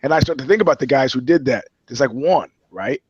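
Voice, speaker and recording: A man's voice: medium pitch, a little fast, slightly rough, no room sound. Podcast co-host, man, crude comic storyteller, dry and slightly dull mic. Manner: animated, swearing, acts out voices in anecdotes. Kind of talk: profane comedic storytelling.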